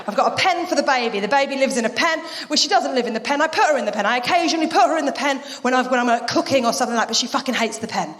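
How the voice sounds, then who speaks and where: Lively high-voiced woman doing stand-up in a hall. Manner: brash, swearing, quick act-outs of others. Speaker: stand-up comedian. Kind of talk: live stand-up set. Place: theatre stage before a laughing audience. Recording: roomy hall reverb, live venue.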